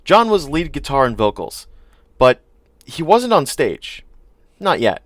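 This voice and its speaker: A man's voice: on the high side, sing-song, a little slow, no room sound. A man narrating a first-person audiobook in a dry, wry storytelling manner.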